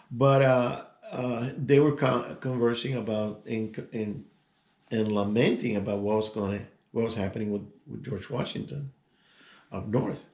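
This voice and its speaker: An older man in his sixties tells a story from his own life. His voice is gravelly and creaky. He wanders through asides and restarts, and the room around him echoes noticeably. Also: fairly low pitch, darkish tone. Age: 60s. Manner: rambling, digressive, many restarts and asides. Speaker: vlogger telling a personal story. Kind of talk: casual storytelling.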